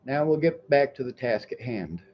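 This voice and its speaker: A man's voice: mid-range voice, animated, normal speed, highs cut off. A man livestreaming, reading viewer messages and lecturing in a heated, profane rant.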